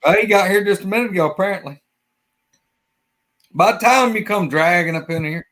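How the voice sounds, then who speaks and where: A man co-hosting a live stream, telling folksy stories in an animated way. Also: sits high, a little fast. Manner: animated yarn-spinner, folksy. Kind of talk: casual storytelling chat.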